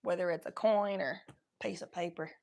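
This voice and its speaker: A young woman from Cincinnati, talking in a put-on Southern drawl during a casual livestream chat, crude and rambling, high and coughing now and then. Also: fairly even intonation, moderate pace, creaky, a little mellow. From Cincinnati, Ohio.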